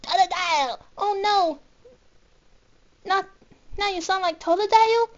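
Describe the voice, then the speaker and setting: A woman reading a picture book aloud, slowly and haltingly, restarting words, on a dull lo-fi recording. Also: very high-pitched, steady tone. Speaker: storybook reader.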